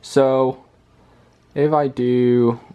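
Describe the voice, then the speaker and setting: A man's voice: medium pitch, level tone, very slow, mellow, clear, resonant tone. A young man hosting his own video, thinking aloud as he works through a puzzle, hesitant and full of fillers. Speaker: puzzle-solving video host.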